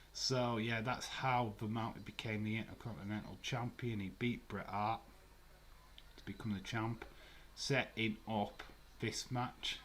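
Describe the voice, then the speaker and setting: A young man with a somewhat low voice hosts a live stream. He talks loosely and chattily, swears freely, and laughs while answering his viewers. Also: steady tone, slow, fairly bright tone, a little hiss or hum. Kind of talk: casual live watch-along commentary.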